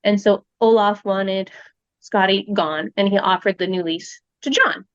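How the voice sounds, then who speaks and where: Speaking a little slowly in a mid-range voice, this Canadian guest storyteller chats her way through a true-crime tale, full of fillers and acted-out quotes. The sound is lo-fi with no echo.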